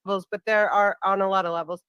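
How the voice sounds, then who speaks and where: A woman arguing on a live call in a measured, lecturing way. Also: medium pitch, steady tone, fairly bright tone, clear, resonant tone, dry recording.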